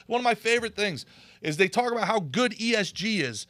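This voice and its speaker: A man hosting a podcast, talking casually in an animated, opinionated way. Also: high voice, brisk, no room sound. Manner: animated, opinionated ranting with laughs. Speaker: podcast host and comedian.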